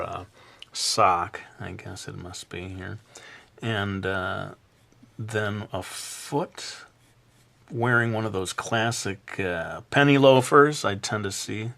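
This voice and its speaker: A man narrating a drawing tutorial in a relaxed, chatty way, with many filler sounds and some self-deprecating asides. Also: deep voice, creaky. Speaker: drawing instructor.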